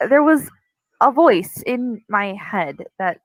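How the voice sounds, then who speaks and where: Playful, teasing woman in a tabletop game, slightly high and lively pitch, dry sound. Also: slow pace, dry recording, poor audio. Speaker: player. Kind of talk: tabletop role-play.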